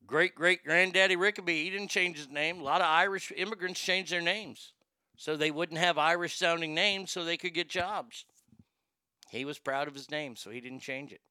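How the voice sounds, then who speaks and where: A man hosting a casual livestream, reading chat comments aloud and going off on blunt, opinionated tangents. His voice sits a little high and very bright, crisp and clear. The sound is dry and close. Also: normal speed, no room sound. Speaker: show host.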